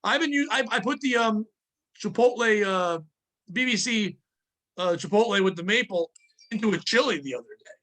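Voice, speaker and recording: A man hosting a casual podcast, ranting and swearing in an animated, comedic way. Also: sits high, moderate pace. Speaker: podcast host.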